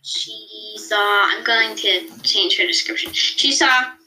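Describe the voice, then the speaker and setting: A woman's voice: mid-range voice, takes it slowly, sharp tone, faint music behind, rough recording. A woman co-hosting a podcast who reads her own story aloud in a chatty way and stops to correct herself. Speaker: podcast co-host and story reader.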